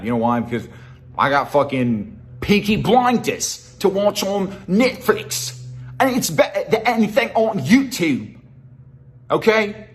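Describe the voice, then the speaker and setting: A young man delivering an angry, profane rant at someone, mocking him and calling him "dude" again and again. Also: a little high. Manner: heated, profane, mocking, repeatedly says "dude". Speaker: YouTuber responding to a video.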